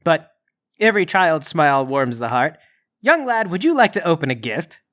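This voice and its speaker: A man's voice: fairly high pitch, very animated, normal speed, a bit bright. Polite guy in a goofy tabletop game, talks all formal, voice jumps up and down a lot. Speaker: player.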